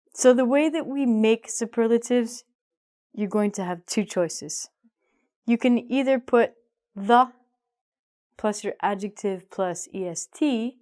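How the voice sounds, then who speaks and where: A woman teaching an English grammar lesson, upbeat and emphatic, slowing down to stress key words. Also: medium pitch, dark tone.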